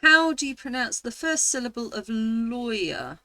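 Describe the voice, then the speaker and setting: Bright-voiced English woman thinking aloud. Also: on the high side, sing-song, measured pace, dry recording. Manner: thinks aloud, sounds words out, exclaims in disbelief. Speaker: vlogger. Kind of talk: casual talk-through of an online quiz.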